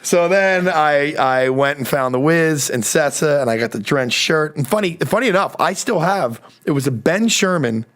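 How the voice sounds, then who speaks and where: A man's voice: a little high, moderate pace, hardly any pauses. A man telling a comedic story in casual podcast chat, swearing freely and acting out the people in it. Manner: animated, swears freely, acts out quoted people.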